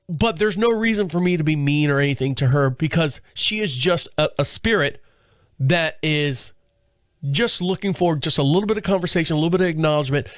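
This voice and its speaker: Man, podcast host, slightly high voice, rambling anecdote, dry close mic. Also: fairly quick, fairly bright tone, dry recording. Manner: rambling with frequent restarts. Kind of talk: casual storytelling monologue.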